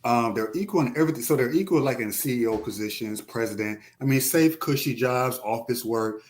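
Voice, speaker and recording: A man's voice: mid-range voice, a little fast. A man in casual podcast chat, talking earnestly and a bit preachy as a guest.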